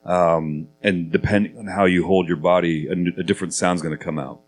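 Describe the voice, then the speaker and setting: Deep-voiced man telling stories on stage. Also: brisk, a little hiss or hum. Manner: animated, chatty storyteller. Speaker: guest actor at a convention panel. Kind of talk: live panel interview, storytelling. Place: convention panel stage.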